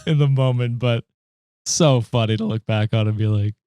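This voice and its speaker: A man's voice: mid-range voice, normal speed, dark tone, clear, resonant tone, dry recording. A man co-hosting a podcast in casual chat, reacting with laughter and frequent swearing. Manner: chatty, laughing, swears freely. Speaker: podcast co-host.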